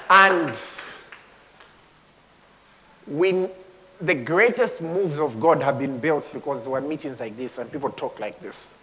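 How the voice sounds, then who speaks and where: A man preaching a sermon with passion, moving from hushed tones to shouting and at times speaking in tongues. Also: sits high, in a large hall, a little hiss or hum. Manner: impassioned, swings between hushed and shouting.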